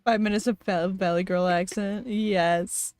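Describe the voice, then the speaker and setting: A woman's voice: medium pitch, steady tone, a little slow, darkish tone, no echo, studio quality. A woman co-streamer in casual chat, teasing and laughing often.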